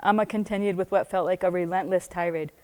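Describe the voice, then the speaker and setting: A woman's voice: on the low side, fairly even intonation, fast talker, darkish tone. An American woman reading aloud from her own book, breaking off often into chatty asides and laughing as she goes. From United States.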